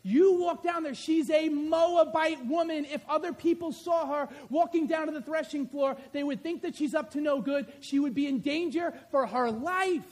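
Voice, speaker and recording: A man's voice: extremely high pitch, normal speed, hardly any pauses. A man preaching a sermon, telling stories with energy and acting out scenes. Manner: animated storytelling, acts out scenes.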